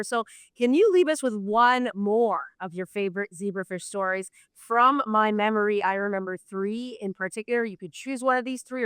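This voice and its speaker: A woman hosts an interview, warmly complimentary and upbeat as she sets up her questions. Her voice is exceptionally clean and resonant. The recording is dry, with no room sound. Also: medium pitch, clear, resonant tone, no echo. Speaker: interviewer host.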